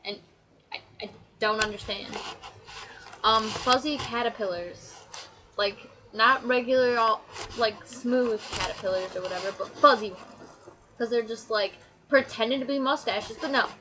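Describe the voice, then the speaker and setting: A woman's voice: on the high side, normal speed, long pauses, background noise. A teenage girl vlogging a casual, sarcastic rant about her pet peeves. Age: teens. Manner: chatty, exasperated, sarcastic. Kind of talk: casual ranting list.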